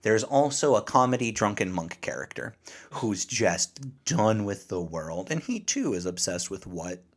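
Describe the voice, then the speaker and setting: A man co-hosting a podcast, casually recapping a story and acting out the characters' lines in quick quotes. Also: fairly low pitch, sing-song. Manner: retells scenes with quick voiced quotes. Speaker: podcast co-host. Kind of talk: casual chat recapping an anime.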